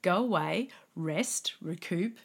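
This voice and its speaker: Chatty woman, low-pitched. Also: lively intonation, takes it slowly, creaky, slightly rough. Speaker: Chinese medicine practitioner co-host. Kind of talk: casual podcast chat.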